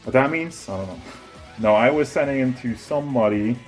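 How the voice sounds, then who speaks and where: A man's voice: mid-range voice, lively intonation, brisk, faint music behind. A man touring his toy collection at home, rambling and self-mocking, out of breath as he moves around with a handheld camera. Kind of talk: casual collection tour. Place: home with figure shelves, indoors. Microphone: handheld camera moving around.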